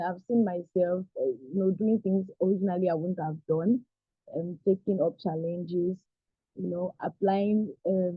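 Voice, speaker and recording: A young woman, a recent graduate, giving a halting, emotional testimonial on a video call, close to tears. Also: mid-range voice, no echo. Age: young adult. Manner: earnest, halting, near tears. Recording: tinny phone-like call audio.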